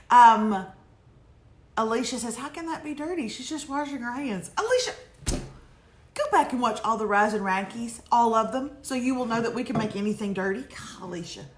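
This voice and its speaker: A middle-aged woman, hosting a casual live chat, reading viewer emails and teasing with jokes and laughter. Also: on the high side. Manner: animated, joking, laughing, teasing. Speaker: host. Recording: echoey room.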